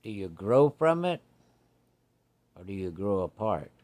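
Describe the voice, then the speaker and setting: A man's voice: on the low side, very animated, measured pace, a little mellow. A man voicing a kindly, plainspoken old frontier doctor, speaking in a folksy, fatherly way.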